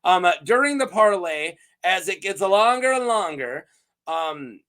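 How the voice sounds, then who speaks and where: A man casually recapping fantasy story lore, playful and quick to laugh, with lots of fillers. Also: sits high, smooth. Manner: playful, animated, laughs often, many fillers. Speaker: host of a fantasy lore channel.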